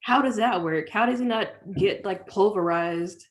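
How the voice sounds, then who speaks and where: A young woman with a mid-pitched voice co-hosts a podcast. Her talk is slangy and offhand, and she jokes often. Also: normal speed. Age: young adult. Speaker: podcast co-host. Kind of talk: casual chat.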